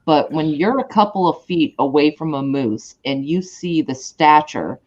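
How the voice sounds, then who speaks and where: Slow, admiring, casual chat, dull muffled audio. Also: mid-range voice, lively intonation, a little mellow.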